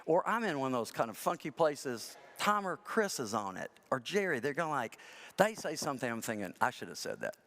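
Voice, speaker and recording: Here a man's mid-range, slightly bright voice comes across as very animated and a bit quick. He is a pastor preaching an informal, story-driven sermon, laughing at himself and imitating the figures in his tales. The recording carries the long reverb of a large church sanctuary.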